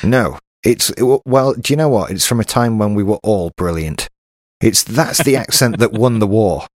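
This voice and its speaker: A British man with a low voice talks through a podcast in easy, rambling chat. He restarts his sentences a lot. The sound is dry and close. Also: animated, moderate pace, dry recording. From Britain. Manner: chatty, self-interrupting. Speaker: podcast co-host. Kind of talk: casual chat.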